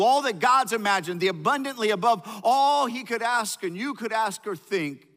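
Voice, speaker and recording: High-voiced preacher in a reverberant hall. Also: male voice. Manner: calls out to the congregation for answers; swings between loud emphasis and quiet, low delivery. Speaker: pastor. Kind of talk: sermon. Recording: long reverb of a large hall.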